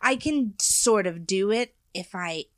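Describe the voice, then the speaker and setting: A woman co-hosting a relaxed podcast conversation. She is giggly and laughs often between her remarks. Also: medium pitch, unhurried. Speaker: podcast co-host. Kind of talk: casual chat.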